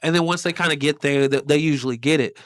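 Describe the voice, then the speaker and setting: Profane, rambling man with a high voice. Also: fast, dry recording, studio quality. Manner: rambling, profane, many "like" fillers. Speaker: podcast host and comedian. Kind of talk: casual podcast storytelling.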